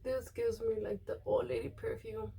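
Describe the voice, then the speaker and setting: A woman's voice: a little high, little pitch movement, normal speed, creaky, warm tone, husky. A young woman vlogger talking casually as she does her makeup, rambling with lots of fillers and retelling what others said. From Mexican. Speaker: beauty vlogger. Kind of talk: casual chat while doing makeup.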